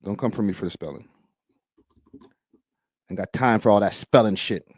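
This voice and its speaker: A man's voice: lowish voice, normal speed, dry recording, clean studio sound. A young man from Canada, a streamer host giving a blunt, profane, slangy live-stream reaction.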